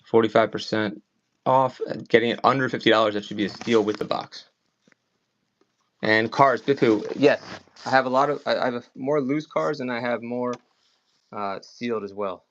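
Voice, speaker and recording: A man's voice: mid-range voice, moderate pace, a little hiss or hum. A man from Maryland with a slight Maryland accent, rambling chattily as an online auction seller on a live stream. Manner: rambling, chatty, many "like" fillers. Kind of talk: casual live-selling chat. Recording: slightly dull lo-fi stream audio.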